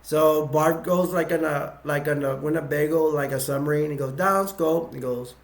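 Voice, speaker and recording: Man, amateur movie reviewer, gravelly, slightly higher voice, halting, rambling scene recap. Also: steady tone. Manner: halting and rambling, many restarts, chuckles as he goes. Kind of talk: casual scene-by-scene retelling.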